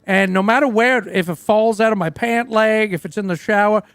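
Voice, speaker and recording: A man's voice: sits high, normal speed, a bit bright, clear, resonant tone, no room sound. A man playing a crude, boastful rock singer in a roleplay game, telling a rambling story full of fillers. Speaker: roleplay character. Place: game stream from a dry studio.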